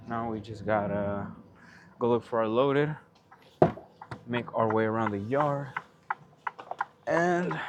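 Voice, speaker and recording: A man's voice: mid-range voice, heavy background noise. A man who drives trucks, chatting casually for his vlog in a laid-back, slangy, rambling way while out at a truck yard.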